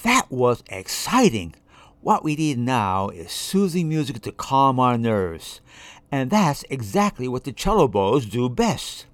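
A man's voice: mid-range voice, big pitch swings, unhurried, dry recording. A man voicing a sentimental female cello bow who snivels and gushes. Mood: excited. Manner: sniveling, gushing.

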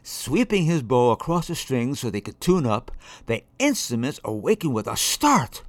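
A man reading a children's story aloud in an expressive way. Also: medium pitch, normal speed, dry recording. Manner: expressive, shifting voices.

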